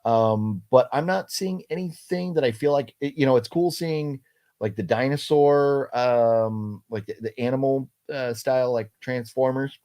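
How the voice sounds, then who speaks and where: A middle-aged man hosting a casual livestream chat, talking haltingly with many fillers and restarts while he reads out viewer comments. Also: mid-range voice, mellow. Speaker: livestream host.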